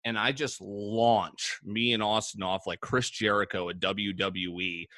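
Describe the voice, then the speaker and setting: A young man in his twenties casually telling a story to a friend, relaxed, full of fillers and swearing. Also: lowish voice, unhurried, no echo. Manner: laid-back, swears, lots of "like".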